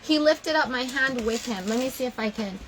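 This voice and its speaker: A young woman talking casually to her viewers, animated and emotional, often gushing. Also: on the high side, fairly quick, noisy background. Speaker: vlogger.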